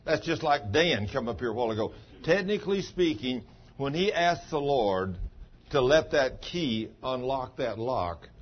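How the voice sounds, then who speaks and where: A man's voice: medium pitch, husky. A man preaching a chatty, folksy sermon and teasing members of the congregation by name. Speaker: pastor. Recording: dull sound with faint background noise.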